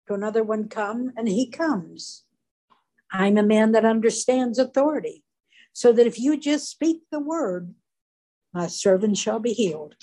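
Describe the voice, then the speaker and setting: A woman teaching from the Bible in an earnest, deliberate sermon, briefly voicing the people in the stories. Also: fairly high pitch, mellow, low-quality recording. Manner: earnest, slow and deliberate, acts out quoted voices briefly.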